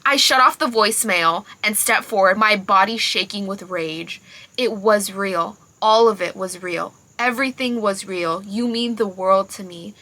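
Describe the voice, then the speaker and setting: A woman reading aloud the first-person lines of an obsessive young man from a novel, in a quiet, subdued voice. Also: mid-range voice, measured pace. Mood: brooding.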